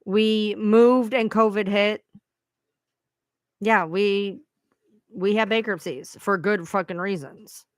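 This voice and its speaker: A woman's voice: medium pitch, fairly even intonation, takes it slowly, long pauses, no echo, clean studio sound. A woman hosting her own live stream, venting to viewers in a frustrated, profane rant. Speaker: livestream host.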